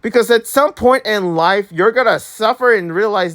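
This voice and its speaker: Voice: medium pitch, moderate pace, a bit bright. A young adult vlogger ranting in an exasperated way, repeating and restarting words, with an accent that drifts around. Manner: accent drifts and shifts when angry. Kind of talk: ranting commentary vlog.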